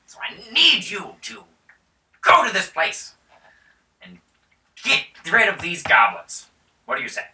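A man doing a pompous baron in a tabletop game, declaiming grandly with a lively, swooping voice. The sound is bright and roomy, picked up from some way off the mic. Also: sits high, a little slow, long pauses, distant mic, a little hiss or hum, voice pushed up, full character voice. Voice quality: grand, proclaiming. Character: pompous male baron, a noble lord.

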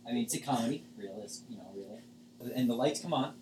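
A man's voice: mid-range voice, a little fast, darkish tone, a little hiss or hum. A man narrating a tabletop game as game master, casual and rambling with many fillers. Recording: echoey room, far from mic.

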